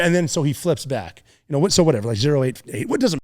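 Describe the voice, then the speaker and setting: A middle-aged man with a slightly raised pitch spins a combat story in casual podcast talk. He swears freely, mimics gunfire and other men's shouts, and drifts between tension and dry humor. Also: fast, few pauses. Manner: animated war storyteller, profane, acts out voices and sounds, laughs often. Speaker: podcast guest, former Navy SEAL.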